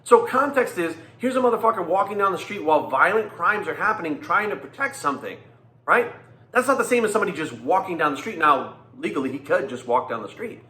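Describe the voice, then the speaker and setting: Profane ranting man, high bright voice. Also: expressive, fast talker, roomy sound. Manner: blunt, angry and profane, repeating himself for emphasis. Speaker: fitness coach and vlogger.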